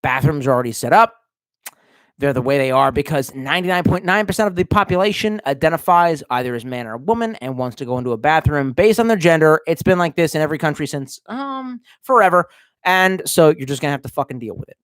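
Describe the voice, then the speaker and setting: A man's voice: on the high side, lively intonation, fast talker, fairly bright tone, smooth, no echo. A man hosting a casual livestream, reading viewer comments aloud and answering in a crude, sarcastic rant. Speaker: livestream host reading chat.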